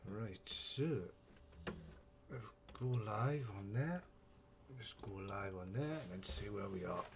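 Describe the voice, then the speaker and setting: A man chats loosely on his own live stream in a lowish voice. He rambles, swears without a second thought and chuckles often while greeting viewers. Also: expressive, slow, creaky, noisy background. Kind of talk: casual live-stream chat.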